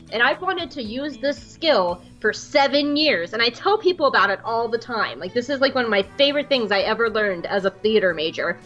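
A woman in her late twenties telling a story on a podcast in a casual, animated way, with lots of fillers and restarts. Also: a little high, muffled recording. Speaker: podcast co-host.

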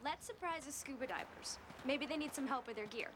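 A woman's voice: sits high, expressive, fairly quick, noisy background. A young actress playing a bubbly, teasing teenage girl in a 1990s TV series. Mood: cheerful. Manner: chirpy and teasing. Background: music.

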